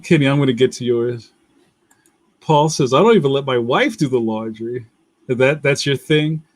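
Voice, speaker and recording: A young man with a Philadelphia accent chats casually as a livestream host, rambling and breaking into easy laughs. His voice sits at a middling pitch. The sound is dry and close, with no room around it. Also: normal speed, no room sound. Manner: rambling, loose, laughs often. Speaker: livestream host reading viewer comments. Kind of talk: casual chat.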